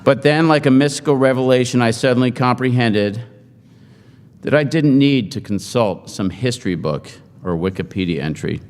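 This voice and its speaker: A middle-aged man giving a humorous after-dinner speech, joking in a deadpan, self-mocking way to an audience in a large hall. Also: mid-range voice, moderate pace. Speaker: speaker at a forum. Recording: hall reverb.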